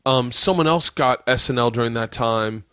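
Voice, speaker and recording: A man's voice: medium pitch, normal speed, pushed and bright, smooth, dry recording. A male podcast host trading loose, profane, jokey banter with a guest. His voice is in the middle male range, and the recording is dry and close, with no room sound. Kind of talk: casual podcast chat.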